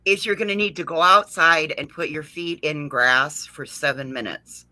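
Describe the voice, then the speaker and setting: A woman's voice: low-pitched, normal speed, pushed and bright, no echo, low-quality recording. A woman on a casual panel chat, teasing and giving jokey mock advice.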